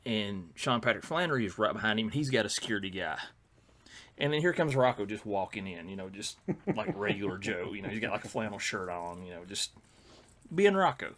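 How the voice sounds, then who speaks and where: A man's voice: lowish voice, fast talker, fairly bright tone. A middle-aged man, telling stories in casual podcast chat, rambling with fillers and restarts. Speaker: podcast co-host.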